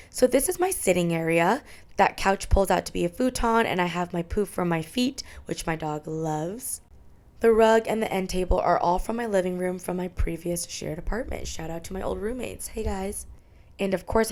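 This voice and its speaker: A woman's voice: lowish voice, a little mellow. A young adult woman narrating a tour of her small apartment, chatty and candid as she lists her things. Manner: chatty, candid, listing items. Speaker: vlogger.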